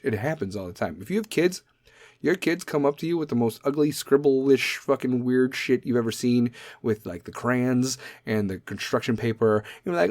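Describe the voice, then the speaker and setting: A man's voice: medium pitch, normal speed, creaky, darkish tone. A man hosting a podcast, a military veteran ranting bluntly with heavy swearing and laughing at his own jokes. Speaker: podcast host. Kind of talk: comedic rant.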